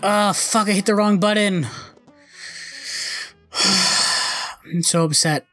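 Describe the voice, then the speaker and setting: A man's voice: high-pitched, slow, fairly bright tone, faint music behind. A young man commenting on his own gameplay, frustrated and cursing often. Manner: frustrated, swearing, muttering.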